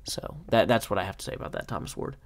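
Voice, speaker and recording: A man's voice: lowish voice, fast. Man streamer, chatty and self-deprecating, casual live-stream chat. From Nashville, USA.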